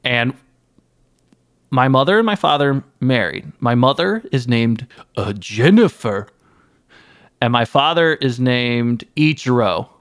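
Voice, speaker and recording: A man playing a guest in an improvised comedy interview, telling absurd stories with mock-earnest deadpan. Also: mid-range voice, slow pace, no echo, studio quality. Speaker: guest playing an anime creator.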